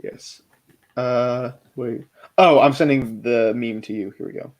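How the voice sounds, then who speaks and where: Young american dude on a call mic, rambly, restarts a lot, medium pitch. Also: male voice, steady tone, measured pace, darkish tone. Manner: rambling, self-correcting, jokey. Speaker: guest. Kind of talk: casual online chat. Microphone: computer microphone on a call.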